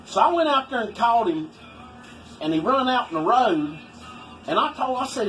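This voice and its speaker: A man's voice: very high voice, big pitch swings, normal speed, pauses often, a bit bright, faint music behind, low-quality recording. A man telling rambling, folksy stories in casual talk. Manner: folksy, rambling, swoops for effect. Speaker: storyteller vlogger.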